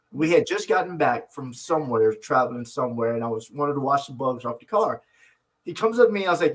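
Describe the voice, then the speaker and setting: In a casual chat, a man co-hosting a podcast with his wife speaks in a slightly high, animated voice at a moderate pace, though the audio is poor. He's an earnest, reflective storyteller who restarts often.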